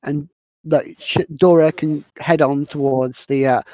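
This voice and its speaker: A woman's voice: sits low, fairly even intonation, measured pace, mellow, no echo, poor audio. A woman hosting a casual podcast, rambling through a film recap and stumbling over her words. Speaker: podcast host.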